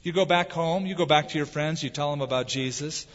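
A man's voice: fairly high pitch, brisk. A man preaching a sermon as a pastor, stretching out the words he stresses. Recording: dull lo-fi with long hall reverb.

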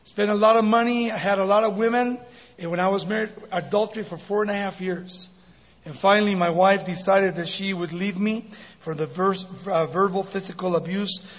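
A man in his sixties preaching as a guest speaker, telling a joke and then his life story, animated and laughing often. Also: high voice, a little fast. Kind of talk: sermon with jokes and testimony. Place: church sanctuary. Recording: dull recording in a big reverberant hall.

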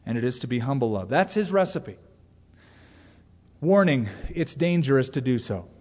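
A middle-aged man preaching a sermon as pastor, talking conversationally with sudden loud asides. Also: mid-range voice, animated, normal speed. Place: church sanctuary. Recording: long hall reverb from a church.

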